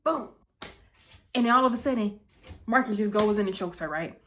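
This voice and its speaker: A woman hosting her vlog, recapping a movie in a breezy, chatty way, full of quick asides and "okay?" check-ins. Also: medium pitch, pushed and bright, slight background noise. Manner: breezy and playful, with asides and quick self-corrections. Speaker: vlog host. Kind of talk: casual chat movie recap.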